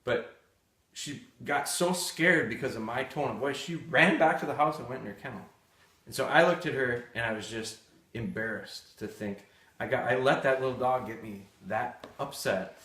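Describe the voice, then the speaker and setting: A man's voice: medium pitch, normal speed, bright, forceful tone. A man hosting a live dog-training session, answering viewer questions in a candid, blunt, storytelling way. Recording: echoey room.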